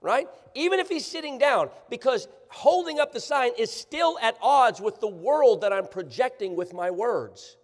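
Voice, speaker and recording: A man preaching a sermon, sarcastic and animated, often checking that the congregation follows him. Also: extremely high pitch, moderate pace, hardly any pauses. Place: church sanctuary. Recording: church livestream, long hall reverb.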